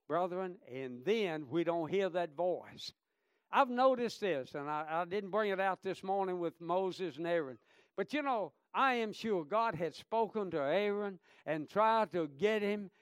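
A man pastor, preaching a sermon that moves from fervent exhortation to quiet storytelling. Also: high voice, clean tone, dry recording, studio quality.

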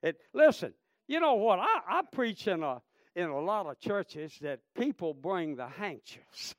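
A man preaching a revival sermon, swinging between shouted praise and hushed storytelling. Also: high voice, big pitch swings, unhurried, slight background noise. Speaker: traveling preacher.

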